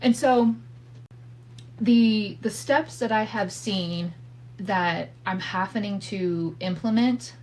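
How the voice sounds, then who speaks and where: A woman's voice: medium pitch, takes it slowly, a little mellow, low-quality recording. A woman in her thirties hosting a podcast, telling a family story in a candid, profane way with asides and laughs. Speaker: podcast host. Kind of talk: casual storytelling monologue. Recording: faint hum from a home setup.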